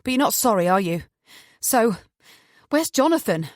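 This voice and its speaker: A woman's voice: a little high, very animated, normal speed, dry recording, studio quality. A woman reading an audiobook, voicing a chatty, patronising woman captor who holds a gun and talks falsely soothing. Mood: coolly menacing.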